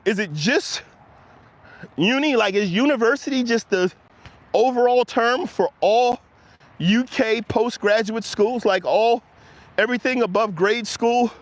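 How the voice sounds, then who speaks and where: A man hosting a casual livestream, chatting loosely with his viewers and laughing often as he rambles. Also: high-pitched. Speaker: livestream host reading chat.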